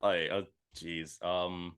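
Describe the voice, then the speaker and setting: A man's voice: low voice, flat delivery, slow pace, a bit bright, clean tone. A man co-hosting a casual sports podcast, talking in rambling runs full of fillers and restarts. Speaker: podcast co-host.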